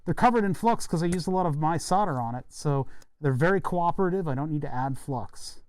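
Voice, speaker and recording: A man's voice: a little high, expressive, fairly quick, a little mellow, no echo. A man live-streaming while he solders and repairs a circuit board, thinking aloud in a rambling, casual way with self-deprecating asides. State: hiccuping and burping. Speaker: streamer building electronics.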